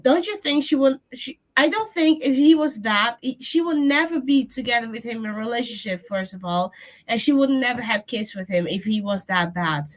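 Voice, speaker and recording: A woman chatting on a live stream, talking in an animated, indignant, rambling way. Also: on the high side, normal speed. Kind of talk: casual live-stream chat.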